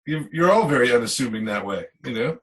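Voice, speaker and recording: A man's voice: mid-range voice, lively intonation, quick pace, over a noisy crowd. A man hosting a podcast, chiming in with jokes and laughs during casual chat. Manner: joking interjections, laughing. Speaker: podcast host.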